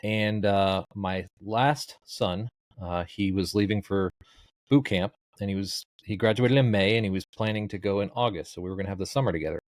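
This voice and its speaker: Middle-aged man, low voice, dry recording, casual interview chat, dry jokes. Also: moderate pace, dry recording. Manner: rambling, laid-back storytelling with dry jokes. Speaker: guest, social media comedian.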